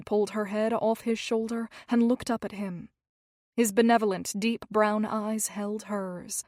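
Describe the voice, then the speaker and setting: A woman narrating a historical romance audiobook in a measured, expressive reading. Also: mid-range voice, dry recording, studio quality. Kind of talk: scripted narration.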